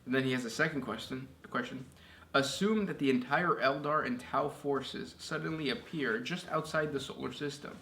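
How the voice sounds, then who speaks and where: A man's voice: medium pitch, normal speed, vocal fry, few pauses, fairly bright tone. Easygoing man reading questions, echoey room. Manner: easygoing, many "um" and "yeah" fillers. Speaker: podcast co-host reading listener questions. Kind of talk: casual chat. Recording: echoey room with faint noise.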